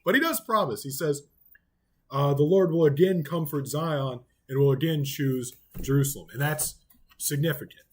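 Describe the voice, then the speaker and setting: Speaking at a moderate pace in a fairly high voice, a man with an Oklahoma accent leads a Bible study. His manner is relaxed and conversational, peppered with ums and you-knows.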